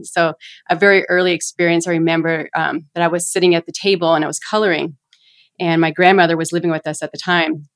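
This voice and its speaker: Woman, middle-aged, low voice, animated storyteller who acts out voices. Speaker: guest, shaman. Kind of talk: casual storytelling conversation.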